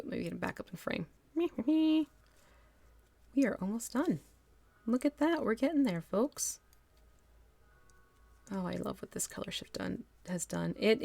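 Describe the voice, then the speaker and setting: A woman's voice: lowish voice, gravelly, a little mellow, no echo. A woman from northwestern New Jersey with a local accent, chatting casually and laughing easily as she demonstrates miniature painting on a live stream. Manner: chatty, laughs easily, thinks aloud while working.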